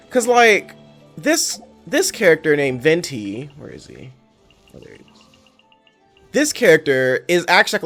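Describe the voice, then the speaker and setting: Rambling casual young man streamer. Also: a little high. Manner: rambling, self-correcting, swears freely. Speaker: game streamer. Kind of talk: casual chat while playing a game.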